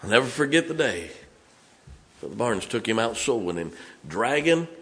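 A middle-aged man preaching a storytelling sermon in a church, folksy, swinging from loud to hushed. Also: mid-range voice, sing-song, moderate pace. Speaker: pastor. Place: church sanctuary.

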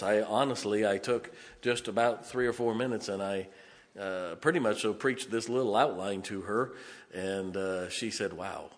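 A man preaching a sermon as pastor, moving from folksy storytelling to emphatic preaching. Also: on the low side. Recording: long church reverb.

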